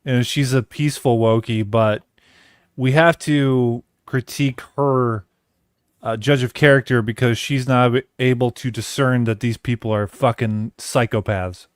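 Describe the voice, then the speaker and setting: A man's voice: medium pitch, steady tone, a little slow, smooth, no echo, clean studio sound. A man on a casual panel, critical and blunt, swearing freely.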